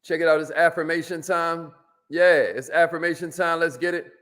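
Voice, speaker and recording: Guy hyping up his live stream viewers, high voice, shouts out names, lots of y'all. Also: moderate pace. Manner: energetic, calls viewers by name, says y'all. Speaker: motivational live-stream host. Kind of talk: motivational live stream talk.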